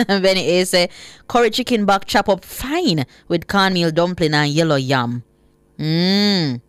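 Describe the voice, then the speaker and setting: A Jamaican woman hosting live radio, reading out listener comments with a lively, laughing manner and slipping into patois. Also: fairly low pitch, a little slow, clean tone, no room sound. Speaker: radio host.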